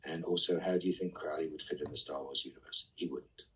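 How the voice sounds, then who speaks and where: A man's voice: a bass voice, steady tone, fast, breathy edge, distant mic, rough recording. A middle-aged man reading fan questions aloud on a live stream and answering them with dry, wry quips. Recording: voice set back from the mic.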